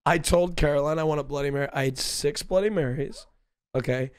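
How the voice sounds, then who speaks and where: A tipsy man on a casual podcast, talking in a fairly high voice. He rambles and circles back over the same words, giddy and loose. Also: fairly quick, smooth. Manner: rambling, repeats himself, giddy. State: drunk. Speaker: podcast guest.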